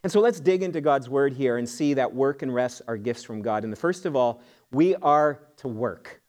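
A man's voice: mid-range voice, lively intonation, moderate pace, darkish tone. A middle-aged man, a pastor, preaching in church in an earnest, emphatic way with homely jokes and asides. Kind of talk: sermon. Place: church sanctuary.

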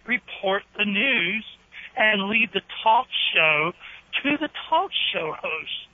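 Friendly trucker calling in, tinny phone. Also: male voice, high voice, expressive, slow pace, no room sound. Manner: friendly, rambling with restarts. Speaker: caller, trucker, former Marine.

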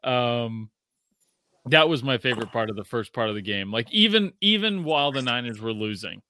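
A man in his thirties hosting a casual sports podcast, telling stories excitedly and swearing freely. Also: mid-range voice, moderate pace, dry recording. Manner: excitable, profane storytelling. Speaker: podcast host.

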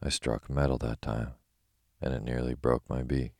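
A man reading a bedtime story gives voice to a matter-of-fact yellow hen, in a calm, sleepy manner. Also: extremely low pitch, normal speed, vocal fry, dry recording, studio quality, heavily acted.

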